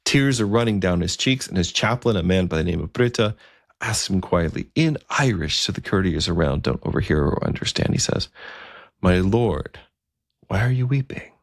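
Low gravelly guy telling a story, chatty asides, dry close sound. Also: lively intonation, fairly quick, no room sound. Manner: conversational, with fillers and asides. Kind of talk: storytelling narration.

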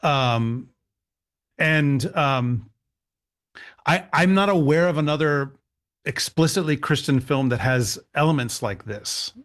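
A man interviewing a guest, talking in a relaxed way with hesitant fillers before his questions. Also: a little high, slow, long pauses. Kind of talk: conversational interview.

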